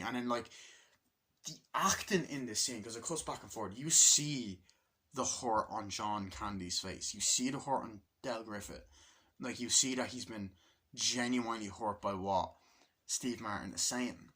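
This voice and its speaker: Bright-voiced man gushing about a movie. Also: on the low side, measured pace. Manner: profane and enthusiastic, retelling scenes. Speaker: movie reviewer. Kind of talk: casual movie review vlog.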